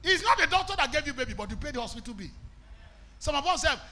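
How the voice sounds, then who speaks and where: A Nigerian man preaching a fiery sermon in a very high, piercing voice. He talks in a sharp, forceful tone and often breaks into shouts. Some Pidgin phrases are woven into his English. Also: very animated, quick pace. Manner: impassioned preaching, bursts into shouts, mixes in Pidgin. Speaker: evangelist.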